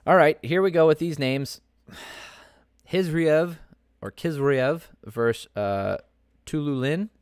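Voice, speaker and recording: A man's voice: on the high side, animated, slow pace, long pauses, smooth, no echo, studio quality. A man hosting a podcast, giving casual, opinionated fight commentary that rambles with many fillers and restarts. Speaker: podcast host.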